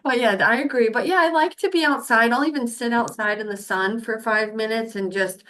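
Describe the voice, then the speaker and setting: A woman's voice: fairly high pitch, fairly quick, sharp tone. A woman co-hosting a podcast in casual chat, talking freely and laughing often. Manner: chatty, laughs often, trails off. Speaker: podcast co-host.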